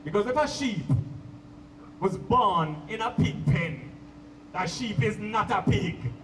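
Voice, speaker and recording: A man putting on a slow-talking Jamaican roots man. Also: high-pitched, lively intonation, a bit bright, slight background noise, exaggerated voice. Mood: sage. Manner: slow, drawn-out preaching. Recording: echoey, distant live stage audio.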